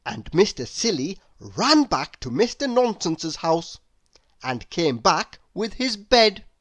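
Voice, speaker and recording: A man narrates a children's storybook aloud at an unhurried pace. His voice swings widely in pitch, moving up and down the scale to keep young listeners hooked. The sound is close and dry. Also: no room sound. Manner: lively, leaps high for characters' lines. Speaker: storybook reader.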